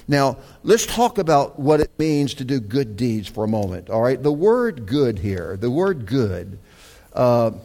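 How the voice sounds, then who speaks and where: A man preaching a sermon, talking in a conversational, halting way with many fillers and repeated words, then rising to emphatic peaks. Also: mid-range voice, a little mellow.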